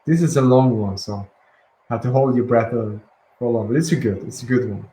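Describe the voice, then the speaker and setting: Gentle man guiding slow breathing. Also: mid-range voice. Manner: soft, slow and gentle, with calm pauses and restarts. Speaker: guided release teacher. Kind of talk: guided breathing and affirmation session. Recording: echoey room with faint ambient noise.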